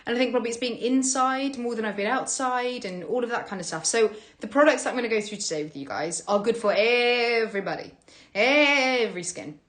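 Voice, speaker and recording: A woman's voice: on the high side, fast talker, few pauses. A woman hosting a livestream from home, chatting casually and greeting viewers. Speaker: livestream host. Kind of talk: casual chat.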